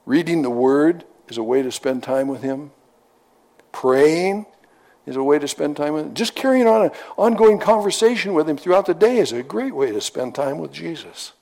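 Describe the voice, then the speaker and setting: A man's voice: a little high, expressive, normal speed, gravelly, dark tone. A middle-aged man preaching a sermon in a folksy, conversational storytelling manner, often repeating his phrases.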